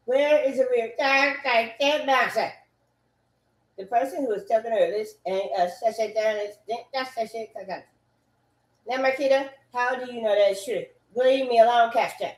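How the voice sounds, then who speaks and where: Loud profane woman ranting in echoey room. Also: normal speed. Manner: profane, repetitive, swings between loud and low. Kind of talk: animated rant.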